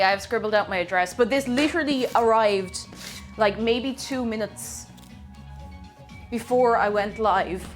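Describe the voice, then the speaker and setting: A playful woman with a lilt chats away on a live stream, calling out viewers by name and teasing them. Her voice sits a little on the high side, recorded in a home kitchen with faint music running underneath. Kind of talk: casual live-stream chat.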